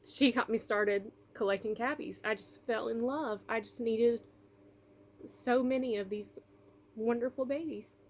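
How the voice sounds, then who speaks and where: Brief: woman in her thirties, vlogger, tearful, halting with fillers, faint background hiss. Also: fairly high pitch. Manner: emotional, apologetic, halting with fillers. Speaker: doll collector vlogger. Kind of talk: personal storytelling vlog.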